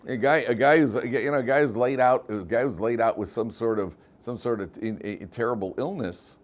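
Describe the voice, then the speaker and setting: Lively rabbi giving a joking lecture. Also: male voice, medium pitch, normal speed. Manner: animated storyteller, repeats phrases, many restarts. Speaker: rabbi teaching a class. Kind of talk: casual lecture with jokes.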